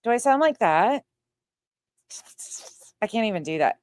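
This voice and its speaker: A woman's voice: medium pitch, big pitch swings, measured pace, very noisy. A woman co-hosting a casual commentary chat, talking in a wry, sarcastic way.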